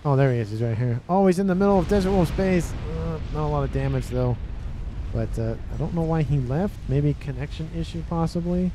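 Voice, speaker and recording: A man's voice: a little high, fairly quick, noisy background. A man giving casual commentary on a strategy game match, rambling and correcting himself, often breaking into exasperated rhetorical questions.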